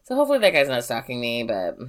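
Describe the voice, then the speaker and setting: Animated, low-voiced woman telling stories. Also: quick pace. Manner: animated, swears freely, many likes. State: burnt out. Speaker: podcast co-host. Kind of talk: casual chat, storytelling.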